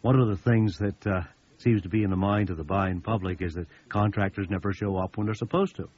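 A man's voice: on the low side, fairly even intonation, brisk, darkish tone. A man giving a sales training talk to contractors, folksy and anecdotal, repeating words for emphasis. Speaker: business seminar speaker. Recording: dull lo-fi recording.

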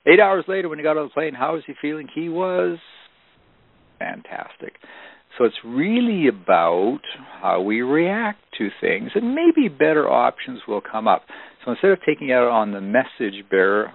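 Man, motivational trainer, gravelly, emphatic storytelling, narrow phone-like sound. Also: mid-range voice, big pitch swings, moderate pace, no echo. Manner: storytelling, emphatic, with frequent restarts. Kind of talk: recorded seminar talk for audio CD. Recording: dry, phone-like narrow band.

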